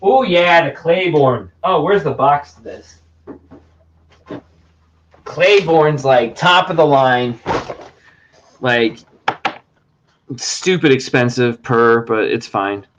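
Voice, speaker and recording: A man's voice: medium pitch, expressive, slow pace, pauses often, dull audio, a little hiss or hum. A man hosting a casual livestream chat, rambling and joking with frequent swearing. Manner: rambling, profane, jokey. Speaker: podcast host.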